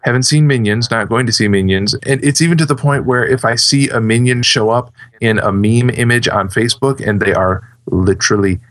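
A man's voice: medium pitch, fairly quick, hardly any pauses, fairly bright tone. A man co-hosting a casual movie podcast, blunt and opinionated. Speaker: podcast co-host. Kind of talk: casual chat.

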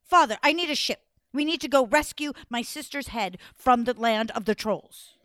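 A woman's voice: a little high, normal speed, fairly bright tone, no room sound, studio quality, close to an everyday voice. A woman voicing a fearless young princess who gives firm, emphatic orders to her sister. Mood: scolding. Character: bold, bossy young heroine princess.

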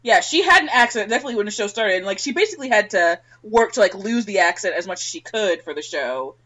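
A woman casually chatting as a podcast co-host, playful and joking, jumping in with quick remarks. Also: medium pitch, expressive, sharp tone, lo-fi sound. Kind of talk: casual chat.

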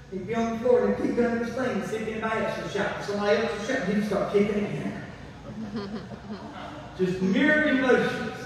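Pastor, high pitched, animated sermon delivery, recorded from a distance in a large reverberant church. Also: male voice, a little hiss or hum. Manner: animated, emphatic preaching with asides to the congregation. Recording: echoey hall from far off.

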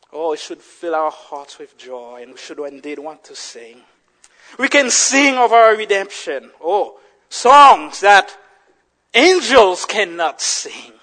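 A man preaching a sermon with passion, rising to shouts and dropping to hushed, quiet lines. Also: high-pitched. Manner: impassioned preaching, swinging from shouts to hushed tones. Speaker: pastor.

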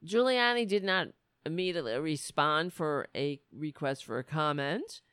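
A woman's voice: deep voice, expressive, moderate pace, fairly bright tone, slight background noise. A woman hosting political commentary, reading news excerpts and mocking them with sarcastic asides. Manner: reads news excerpts, then riffs on them.

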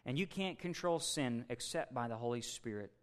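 A man preaching a sermon as pastor, building from measured and quiet to loud and excited. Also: mid-range voice.

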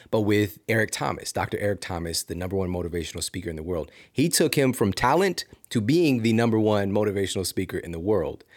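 Podcast host guy, lowish voice, pumped up intro. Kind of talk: introducing a clip.

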